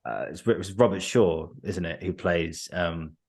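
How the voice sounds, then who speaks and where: A podcast host with a low, deep voice, chatting loosely and laughing along with his own stories. He talks in an easygoing, conversational way, like swapping tales with a friend. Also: unhurried, gravelly, slightly rough. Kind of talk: casual conversational storytelling.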